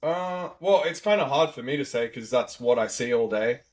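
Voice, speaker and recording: A man's voice: mid-range voice, animated, normal speed. A man in his thirties with an Australian accent, a podcast guest chatting casually about car repair work, with lots of "like" and "you know" fillers. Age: 30s. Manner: rambling, filler-heavy, easygoing. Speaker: podcast guest, auto technician. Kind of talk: casual chat.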